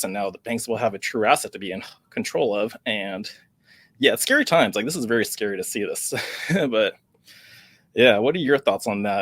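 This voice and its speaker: A man's voice: medium pitch, dry recording. A man hosting a crypto news vlog, reading an article aloud with small stumbles and adding sarcastic, worried commentary. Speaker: crypto channel host.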